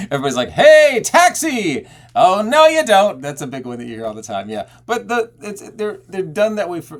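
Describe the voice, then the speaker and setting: A man teaching belting technique, talking casually and breaking into loud belted "hey" and vowel demonstrations. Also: mid-range voice. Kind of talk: vocal technique lesson with sung demonstrations.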